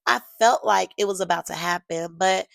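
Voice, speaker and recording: A young woman hosting her own podcast, telling a personal story in a lively, gushing way and talking straight to her listeners. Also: mid-range voice, normal speed, creaky, no echo. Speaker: podcast host. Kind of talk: casual storytelling monologue.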